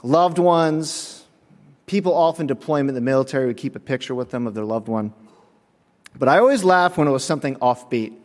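A brisk man with a mid-range voice preaches in a church sanctuary, telling funny, lively stories in which he acts out voices and frequently chuckles. The sermon carries the long reverb of the sanctuary.

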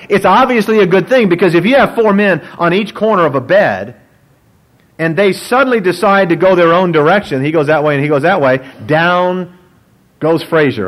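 Animated joking preacher, man, high voice. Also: rough recording. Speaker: pastor. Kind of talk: sermon.

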